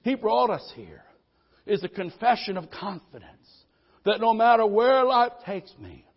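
High-voiced preacher on dull lo-fi audio. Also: male voice, big pitch swings, unhurried, breathy edge. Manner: preaching with call-and-response amens, voices people's worries; swings from loud declarations to soft, low asides. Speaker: pastor. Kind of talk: sermon.

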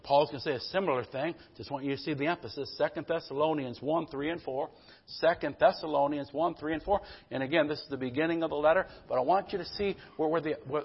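Male preacher, emphatic sermon delivery, somewhat high voice, husky tone, dull lo-fi church recording. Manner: emphatic, calls out "Amen?" to the congregation; swings between loud bursts and quiet low passages.

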